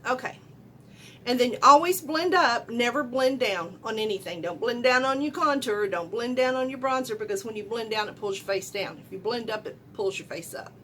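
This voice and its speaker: Loud, folksy woman doing makeup. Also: on the high side, expressive, normal speed, a little hiss or hum. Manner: chatty, loud and folksy, asks viewers questions. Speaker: beauty vlogger. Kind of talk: casual makeup tutorial.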